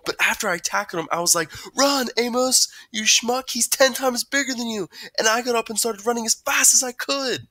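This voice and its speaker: A man's voice: sits high, expressive, quick pace, hardly any pauses, sharp tone, no room sound, voice pushed up, heavily acted. A man voicing an easygoing, brave schoolboy in a storybook reading, laid-back and casual. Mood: excited. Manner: laid-back, says dude. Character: brave, easygoing boy, calm under pressure.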